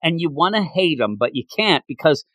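Man, animated podcast co-host, casual recap with quick character bits, dry close sound. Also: on the high side, no room sound. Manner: animated, acts out character lines in quick voices. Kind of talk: casual discussion of a manga chapter.

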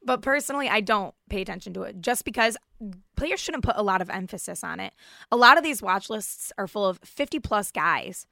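A woman with a mid-range voice weighs in on a sports debate panel, calm and matter-of-fact. She is recorded close and dry. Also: mid-range voice, a little fast, gravelly, no echo.

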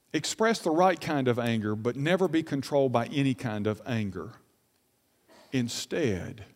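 A middle-aged male pastor preaching a sermon, rising to emphatic peaks, dropping to hushed lows, and putting rhetorical questions to the congregation. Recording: reverberant church hall.

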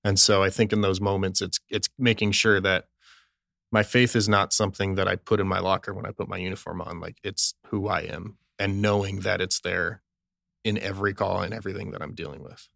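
A young adult man with a low, gravelly voice, speaking as a police officer guest on an interview. He tells work stories earnestly and acts out the dialogue. The sound is close and dry. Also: flat delivery, fairly quick, a bit bright, no echo. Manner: earnest, retells scenes with quoted dialogue. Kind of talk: conversational interview storytelling.

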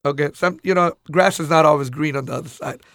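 A man telling a personal story in a casual interview, animated, acting out the people he quotes. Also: on the high side, quick pace, no room sound, clean studio sound.

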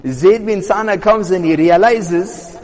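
A man with a fairly high voice delivers a sermon, telling a story with lively storytelling energy. He acts out the speakers in the tale and breaks into short recited Arabic passages. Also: unhurried, big-room sound. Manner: animated retelling that acts out quoted speech. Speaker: Islamic scholar.

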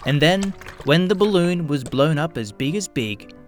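Man, storybook narrator, animated, expressive, slightly high voice, lively melody, faint music behind. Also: normal speed.

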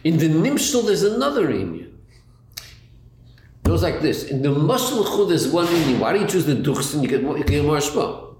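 A man gives a lively Torah lecture in a fairly high, gravelly voice that rises and falls a lot. He asks himself questions and restarts phrases as he thinks. The recording is roomy, with a faint hiss behind him. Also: normal speed. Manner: animated, rhetorical questions, repeats words while thinking. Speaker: Torah teacher. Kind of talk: Chassidus class lecture. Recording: echoey room with faint noise.

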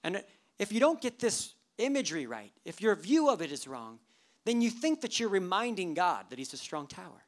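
A lively preacher delivering a sermon at a church service. The voice sits at a middle pitch and keeps prodding the congregation with rhetorical questions. Joking asides break up the teaching. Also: normal speed. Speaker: pastor.

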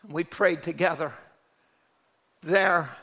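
A man's voice: on the high side, slow, sharp tone. A man preaching a sermon, telling a personal testimony in an earnest, fervent way. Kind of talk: sermon storytelling.

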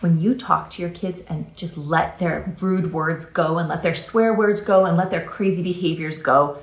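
A woman's voice: on the low side, fairly even intonation, moderate pace, roomy sound, low-quality recording. A woman hosting a casual parenting podcast, speaking earnestly and reading out listener messages.

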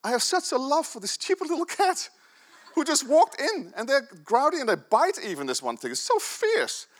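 A man's voice: extremely high pitch, moderate pace. A man preaching a sermon, telling stories and joking with the congregation. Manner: animated storytelling with audience banter and laughs.

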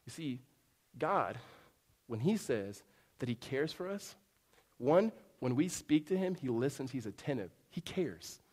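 A male pastor preaching a sermon, swinging from loud emphatic peaks to hushed low lines and telling stories with acted-out dialogue. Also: very animated, a little slow, slightly rough. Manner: conversational storytelling with acted-out dialogue.

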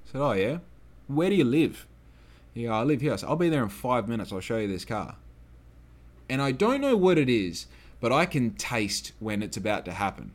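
A young Australian man hosting a solo podcast, telling a long story in a loose, swearing, animated way and acting out the people he quotes. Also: medium pitch, fairly quick. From Western Australia. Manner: swears freely, acts out quoted people, gets loud when excited. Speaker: podcast host.

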